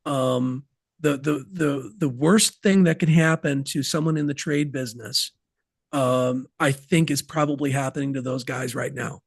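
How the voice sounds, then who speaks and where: A man's voice: medium pitch, fairly even intonation, unhurried, husky, no echo, studio quality. A man guesting on a podcast interview, talking about business systems in an emphatic, folksy way with sports analogies.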